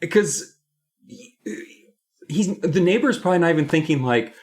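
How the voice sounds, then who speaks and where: A man's voice: a little high, lively intonation, moderate pace, darkish tone. A man co-hosting a podcast, recapping a book episode in a playful, rambling way. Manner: playful, rambling, often laughing. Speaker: podcast co-host.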